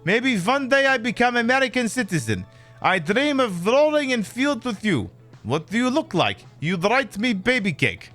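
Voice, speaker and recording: A man voicing a dreamy young woman seeking an American man, slow and languid. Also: extremely high pitch, sing-song, a bit bright, soft background music, pitched above the performer's own voice, full character voice.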